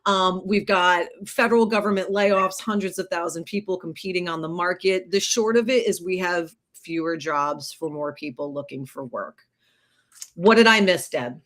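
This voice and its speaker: A woman co-hosting a casual live chat as a career coach, bubbly and excitable. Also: fairly low pitch, moderate pace.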